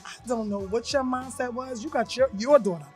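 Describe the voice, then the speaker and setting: A woman's voice: fairly high pitch, moderate pace, darkish tone, faint music behind. A woman co-hosting a podcast, telling a personal story bluntly in casual chat and acting out the voices she quotes. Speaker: podcast co-host.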